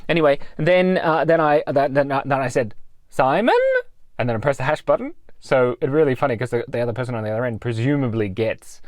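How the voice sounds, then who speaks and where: A man's voice: mid-range voice, fast talker, hardly any pauses, dry recording, clean studio sound. A man telling a long, rambling story in a casual vlog, amused at himself. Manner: animated, rambling, self-amused. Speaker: vlogger.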